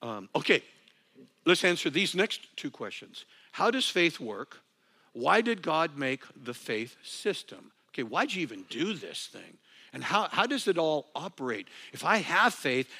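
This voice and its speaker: Man, pastor, sermon, animated, wide-ranging melodic delivery, self-deprecating. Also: on the high side, normal speed, husky. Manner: animated, swings between soft asides and loud emphatic lines.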